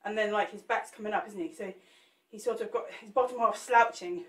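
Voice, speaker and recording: Sculpting a cake live, this woman keeps up chatty banter and jokes with her viewers, talking to them as she works. Her mid-range voice moves fairly quickly. The mic is distant, leaving her off-mic and echoing in the room.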